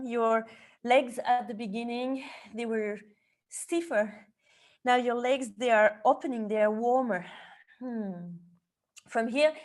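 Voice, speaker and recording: A woman teaching a yoga class, calmly cueing each movement to the breath and gently offering options. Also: high-pitched. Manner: calm step-by-step cueing tied to the breath. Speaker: yoga teacher and somatic therapist. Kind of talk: guided yoga class instruction.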